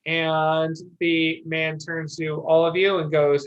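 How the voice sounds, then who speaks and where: A game master narrating a tabletop game in a halting way, with many pauses and restarts. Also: medium pitch, flat delivery. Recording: dull lo-fi audio.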